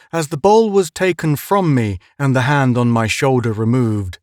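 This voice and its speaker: A man reading a suspense tale aloud in a measured, dramatic storytelling voice of middling pitch. The sound is close and dry, with no room echo. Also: lively intonation. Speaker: audiobook narrator. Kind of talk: scripted first-person narration.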